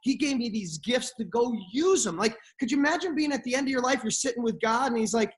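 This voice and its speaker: A man's voice: very high-pitched, fast talker, hardly any pauses. Intense, profane middle-aged man. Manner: intense, blunt, swears freely. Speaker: guest. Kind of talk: motivational podcast conversation.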